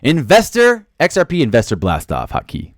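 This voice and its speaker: A man hosting a casual livestream, reading chat comments aloud, joking with viewers and breaking into loud sudden outbursts. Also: medium pitch, expressive, moderate pace, smooth, no echo, clean studio sound. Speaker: livestream host. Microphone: studio microphone.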